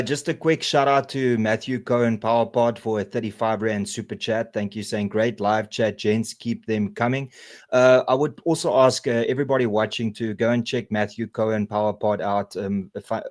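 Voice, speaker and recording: A man hosting a live political stream, reading out super chats and moderating the panel in a relaxed, hesitant way with lots of fillers. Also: on the low side. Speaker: host.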